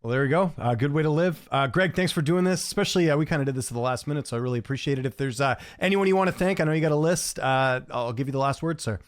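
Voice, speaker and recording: A man's voice: fairly high pitch, racing, few pauses, no echo, studio quality. A man hosting an interview, friendly and appreciative toward his guest. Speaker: interviewer, host. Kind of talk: casual interview.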